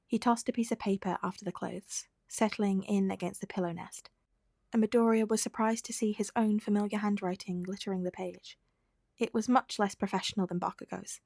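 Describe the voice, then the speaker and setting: A woman's voice: medium pitch, vocal fry, darkish tone, dry recording. Woman reading a story aloud, dry and close. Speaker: podfic reader. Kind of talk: fan fiction audiobook narration.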